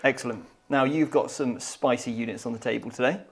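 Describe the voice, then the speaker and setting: A man's voice: mid-range voice, fairly even intonation, fairly quick. A man hosting a livestream and chatting casually with upbeat banter. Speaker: host and player.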